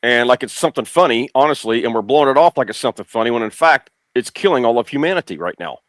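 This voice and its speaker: A man's voice: mid-range voice, expressive, fast talker, no echo. A middle-aged man speaking as a guest on a political talk show, blunt and insistent, repeating his points. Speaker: guest commentator.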